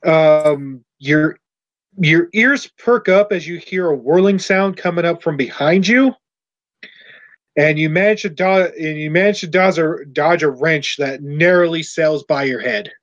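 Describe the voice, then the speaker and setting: Halting game master on a muffled mic. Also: male voice, fairly high pitch. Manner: halting, searching for words mid-sentence. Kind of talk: narrating a tabletop game.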